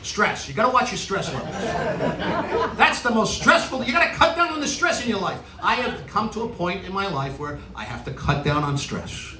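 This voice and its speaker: Performing stand-up before a live audience in a big venue, a middle-aged comedian from New York, with the accent to match, mixes exasperated rants with punchlines. His high voice is very animated, bright and forceful, at normal speed with few pauses. The audio comes from a distance in a roomy hall, full of audience noise, laughter and applause.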